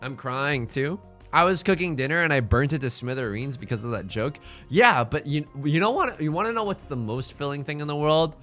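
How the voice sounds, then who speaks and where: A male streamer with a slightly high, bright, forceful voice talks over faint background music. His pitch swings widely as he hypes up his own jokes and riffs with chat. The tone stays playful and self-mocking. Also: lively intonation, fairly quick. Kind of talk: live-streamed mahjong commentary.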